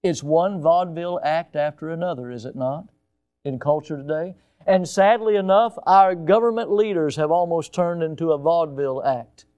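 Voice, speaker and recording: An older man, a pastor, preaching a sermon with emphatic rises and sudden quiet drops. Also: a little high, normal speed, clean tone, lo-fi sound.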